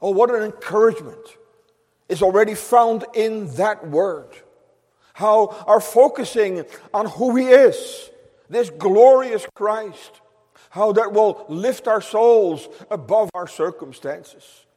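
A man's voice: high voice, slow pace, a little mellow. A man preaching a sermon as pastor, fervent and exclamatory, in a church sanctuary. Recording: long reverb of a large church.

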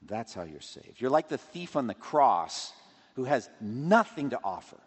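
Male preacher giving an expository sermon, dramatizing quotes, very expressive, in a reverberant hall. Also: medium pitch, a little slow, husky. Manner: expository, acts out scripture quotes and scenarios.

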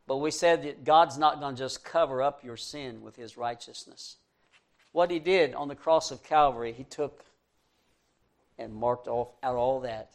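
A man preaching a sermon as pastor, earnest and slowing to stress key words, then leading a prayer. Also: mid-range voice.

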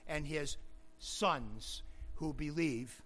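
A pastor delivering a sermon in a high, bright man's voice. He plays with alliterative wordplay. His explanations start quiet and swell into loud, emphatic shouts. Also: extremely slow.

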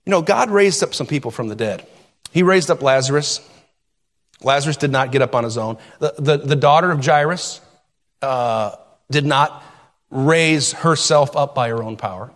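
A male pastor delivering a sermon, reading scripture and explaining it in an expressive, conversational teaching manner. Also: mid-range voice, moderate pace, big-room sound.

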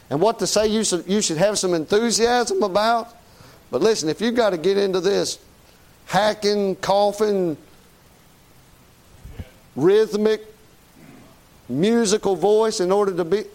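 A man's voice: high-pitched, a little mellow. A man preaching a sermon in a folksy, conversational way, often asking "Amen?".

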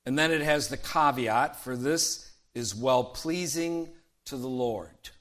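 A man preaching a sermon in an emphatic way, quoting scripture and slowing down to stress key phrases, with calls of "Amen?" to the congregation. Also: mid-range voice, fairly bright tone. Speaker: pastor.

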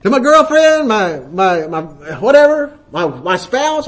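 A man's voice: very high voice, sing-song, measured pace, fairly bright tone. A man preaching a sermon, quoting scripture and acting out little asides, often checking in with the congregation. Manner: frequent "right?" checks to the congregation.

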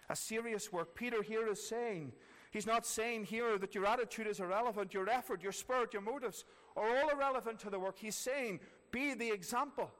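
High-voiced preacher in an echoing hall. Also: male voice, a bit bright. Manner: earnest, repeats key phrases for emphasis. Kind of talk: sermon. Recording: long reverb of a large hall.

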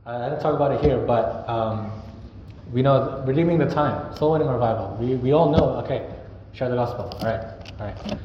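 The sermon comes from a young man speaking in a medium pitch at an ordinary pace, earnest and conversational, with the odd acted-out greeting. It was recorded in a church hall, and the sound is echoey, muffled, and noisy.

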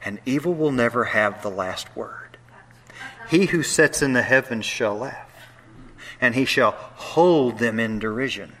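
A man preaching a sermon, moving between hushed, quiet lines and loud, animated bursts, with playful asides to the congregation. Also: medium pitch, measured pace. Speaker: pastor.

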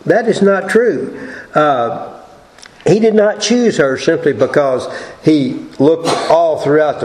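A man preaching a Sunday morning sermon and reading scripture aloud in a slow, deliberate way. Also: fairly high pitch, darkish tone, echoey room, low-quality recording. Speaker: pastor.

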